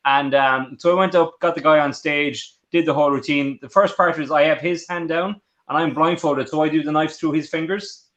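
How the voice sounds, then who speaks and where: A man co-hosting a podcast, chatting casually and quickly with a ready laugh. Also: a little high, fairly even intonation, fairly bright tone. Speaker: podcast co-host. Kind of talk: casual chat. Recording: dull lo-fi sound.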